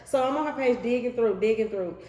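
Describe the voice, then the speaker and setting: A woman's voice: on the high side, fairly quick. A woman with a Texan accent telling a personal love story in a casual chat, acting out quotes and restarting her sentences. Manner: animated, acts out quotes, trails off and restarts. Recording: echoey room with long reverb.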